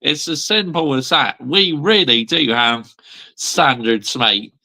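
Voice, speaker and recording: Gravelly man ranting about football. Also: mid-range voice, takes it slowly, bright, forceful tone, rough recording. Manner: blunt, emphatic, repeats "yeah?" and "mate". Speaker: football channel host. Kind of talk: ranting fan vlog.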